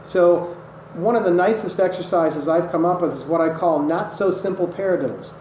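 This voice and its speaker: Guy teaching drum rudiments, kinda high voice, roomy echo and loud noise behind. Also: normal speed. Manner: patient, methodical, counts strokes aloud. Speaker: drum instructor. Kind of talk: instructional demonstration. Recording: echoey room with loud noise. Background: drumming on a practice surface.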